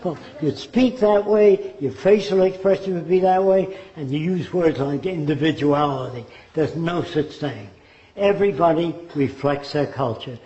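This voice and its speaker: An older man lectures with emphatic rhetorical questions. His voice sits a little high and mellow. The recording is dull and echoes around the room. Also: moderate pace.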